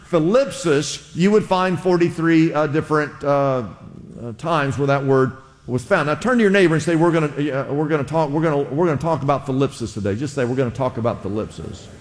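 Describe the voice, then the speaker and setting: A pastor giving a sermon in a conversational style, often asking the congregation to repeat words back. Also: male voice, a little high. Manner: conversational preaching with audience call-and-response. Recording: long hall reverb.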